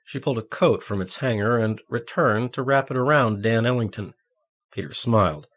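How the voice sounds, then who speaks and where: An audiobook narrator reads from a novel in a steady, measured storytelling style. His voice falls in the middle range, and the delivery is scripted narration.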